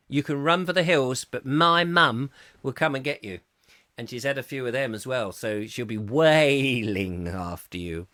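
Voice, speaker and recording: A man's voice: a bit bright, dry recording, studio quality. A man hosting a comic chat show, reading out viewer comments and riffing on them with jokey asides. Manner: jokey, chatty, pitch swoops for comic effect.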